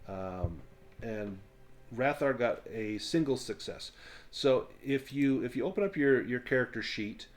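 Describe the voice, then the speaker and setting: A man running a tabletop game as game master, explaining rules and narrating scenes in a relaxed way with frequent ums. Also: mid-range voice, measured pace.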